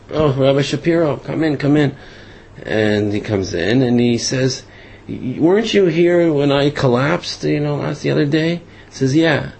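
Gravelly man telling a rambling story. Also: medium pitch, darkish tone, slight background noise, low-quality recording. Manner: rambling, many fillers and restarts. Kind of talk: casual spoken storytelling.

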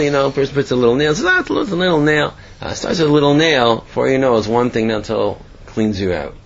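A man's voice: mid-range voice, highs cut off. A man giving a sermon and telling parables, asking himself questions as he goes. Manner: storytelling, animated, asks himself questions.

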